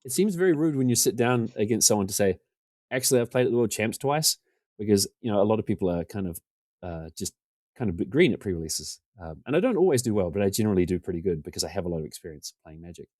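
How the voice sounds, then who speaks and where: A New man in his forties talks fast in a low, easygoing voice, spinning a long, self-mocking yarn as a podcast guest. He keeps slipping into the voices of the people he's quoting. The sound is dry and close, with no room around it. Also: lively intonation, dark tone, no room sound. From New Zealand. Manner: rambling, self-deprecating, acts out quotes. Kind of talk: casual storytelling.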